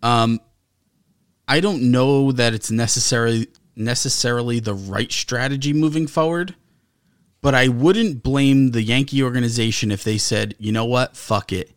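A man's voice: medium pitch, clear, resonant tone, no echo, studio quality. Easygoing man talking sports. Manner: measured, conversational, occasionally profane. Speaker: podcast co-host. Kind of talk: casual sports talk.

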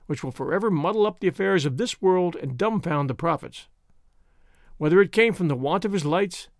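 A man narrating an old-fashioned story in a scripted, expressive, unhurried way. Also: high voice, no echo, clean studio sound.

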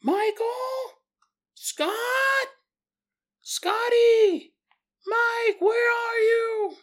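A man's voice: very slow, a bit bright, raised voice, full character voice. A man voicing a frantic mother who is calling for her missing sons in the night. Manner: shrill, panicked calling.

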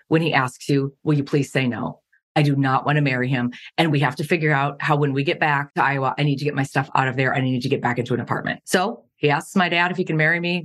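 A woman's voice: sits low, fairly bright tone. A middle-aged woman from Montana telling her life story candidly as a podcast guest, earnest and laughing at painful memories.

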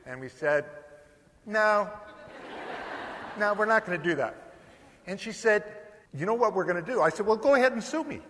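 An older American man telling a lively anecdote to an audience, acting out the dialogue. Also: sits high, moderate pace, long pauses. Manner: animated, acts out quoted dialogue. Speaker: storyteller speaker. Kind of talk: anecdotal storytelling talk. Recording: long hall reverb.

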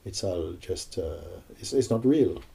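A man acting as a spiritual teacher, speaking slowly and reflectively, with many pauses, in a spiritual dialogue. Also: sits low, animated, gravelly, mellow, husky.

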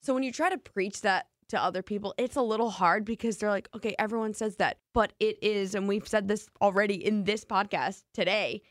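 A woman's voice: medium pitch, no echo, clean studio sound. Blunt, teasing woman hosting a podcast. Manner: blunt, playful, quick to tease. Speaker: podcast host. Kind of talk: casual podcast interview.

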